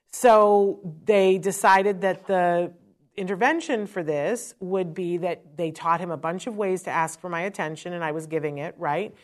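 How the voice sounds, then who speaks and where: A woman speaking earnestly and emotionally, sharing a personal parenting story in a conversational talk about autism. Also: fairly low pitch.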